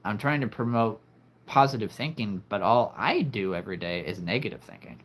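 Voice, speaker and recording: A man's voice: fairly low pitch, animated, fairly quick. Earnest man hosting a livestream. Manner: earnest, heartfelt, reflective. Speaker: livestream host. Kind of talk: live chat with viewers.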